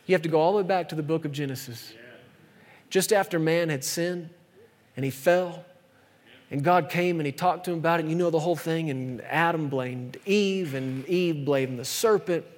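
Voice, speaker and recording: Preacher man with a slightly high voice, emphatic. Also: big-room sound. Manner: emphatic, rhetorical questions, shifts between fast and slow delivery. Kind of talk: sermon.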